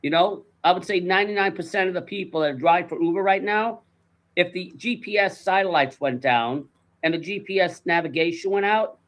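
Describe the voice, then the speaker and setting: Man, somewhat high voice, quick profane storyteller in casual chat. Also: rough recording. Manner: fast, animated.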